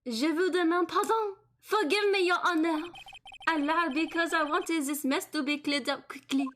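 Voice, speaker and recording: A woman's voice: very high-pitched, moderate pace, a bit bright, pitched above the performer's own voice. A woman voicing a flamboyant male French chef testifying as a witness, in an exaggerated mock French accent. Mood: pleading.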